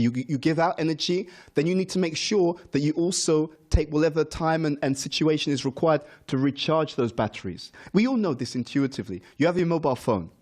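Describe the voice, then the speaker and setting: A man's voice: on the high side, darkish tone. Earnest middle-aged man teaching a class. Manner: earnest, repeats key words for emphasis. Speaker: spiritual teacher. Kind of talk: morning class talk. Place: temple class room.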